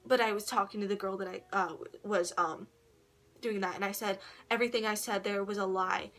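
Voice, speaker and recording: Teen girl vlogging, bright voice, rambly and sweary, keeps laughing and doing voices for people. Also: mid-range voice, fairly even intonation, brisk. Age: teens. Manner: rambling, swearing, laughs often, acts out quotes. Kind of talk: casual storytelling vlog.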